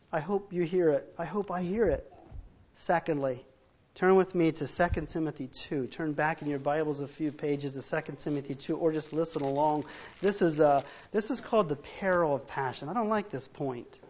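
A man's voice: fairly high pitch, moderate pace, darkish tone, dull audio. A man preaching a sermon as pastor, earnest and emphatic, often restarting phrases as he drives a point home.

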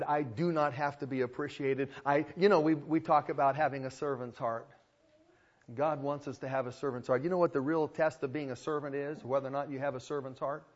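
A man's voice: medium pitch, lo-fi sound. A male pastor preaching a sermon in an emphatic style, repeating phrases for weight.

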